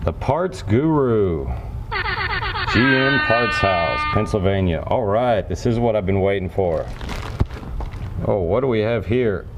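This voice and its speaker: Brief: male car-mod vlogger, low relaxed voice, chatty how-to delivery, faint hiss behind. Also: measured pace. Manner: upbeat, folksy, talks straight to viewers. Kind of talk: casual how-to talk.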